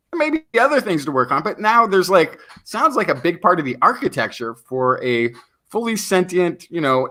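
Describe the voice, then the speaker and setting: A man co-hosts a science podcast and riffs playfully on ideas with jokey asides. His pitch swings widely, and his tone is bright and forward. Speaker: podcast co-host. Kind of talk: casual science chat.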